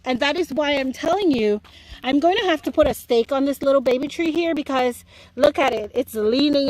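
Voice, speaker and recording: A woman's voice: high voice, a little mellow, no room sound, poor audio. A woman with a Jamaican accent giving a chatty, playful tour of her home garden. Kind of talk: casual garden tour vlog.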